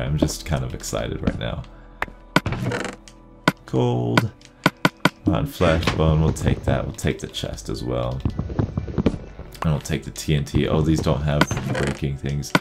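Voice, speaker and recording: A man hosting casual gameplay commentary, chatty and excitable, rambling as he plays. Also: very deep voice, takes it slowly, vocal fry, long pauses, over loud music. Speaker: gaming channel host.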